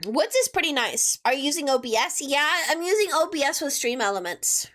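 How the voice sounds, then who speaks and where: A woman's voice: high voice, expressive, a little fast, fairly bright tone. A woman streamer with a childlike, youthful-sounding voice, chatting casually and playfully as she reads and answers her chat. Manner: playful and chatty, with teasing asides.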